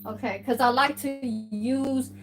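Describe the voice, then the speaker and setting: A woman's voice: high voice, steady tone, slow, over music. A woman vlogging in casual chat, rambling, swearing freely and tagging her sentences with "okay?", filmed on a phone at home. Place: at home, indoors. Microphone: phone camera.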